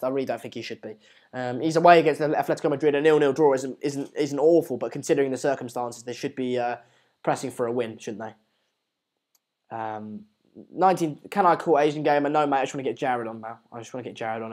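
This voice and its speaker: During a live football watchalong, this host talks fast in a mid-range voice. He chats loosely, reads viewers' comments, and rambles, often repeating the same words and phrases.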